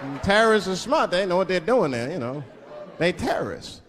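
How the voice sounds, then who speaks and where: A live stage recording catches a male comedian whose high voice swings widely in pitch and trails long reverb. He tells rambling stories to an audience, stretching out the punchlines as laughter and crowd noise sound behind him.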